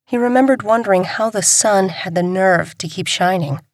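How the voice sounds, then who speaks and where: In a mid-range voice, a female audiobook narrator reads a crime novel from script with calm, even storytelling. The studio-quality recording carries no room sound.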